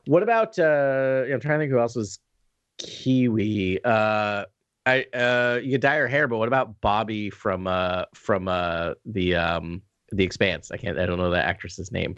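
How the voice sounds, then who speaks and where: A man's voice: fairly low pitch, measured pace, a bit bright, clean tone, no room sound, highs cut off. A man co-hosting a fan podcast, chatting casually and animatedly, laughing easily. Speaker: podcast co-host. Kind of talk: casual chat.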